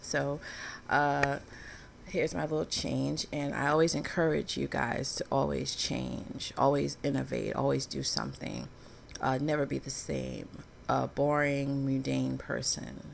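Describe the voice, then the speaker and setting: A woman's voice: extremely low pitch, little pitch movement, a little slow, vocal fry, slight background noise. A woman vlogging in a candid personal commentary, telling a story in a frank, earnest way.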